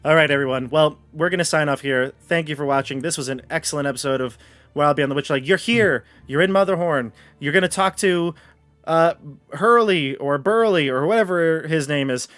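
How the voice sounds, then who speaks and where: A man's voice: a little high, brisk, a bit bright, dry recording. A man narrating as game master of a live tabletop game, casual and chatty with fillers.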